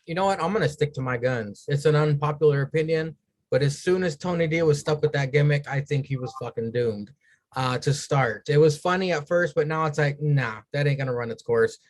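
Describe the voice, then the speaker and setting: A man with a slightly higher voice hosts a loose wrestling podcast. He talks through the matches with crude jokes and throws questions to his co-hosts. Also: a little fast. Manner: crude, joking, leads the rundown. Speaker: podcast host. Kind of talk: casual wrestling talk.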